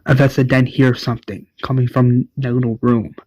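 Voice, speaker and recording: A man casually retelling an episode, rambling with lots of "like" and quick self-corrections. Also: medium pitch, level tone, a little mellow, slight background noise, low-quality recording. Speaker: show recap narrator.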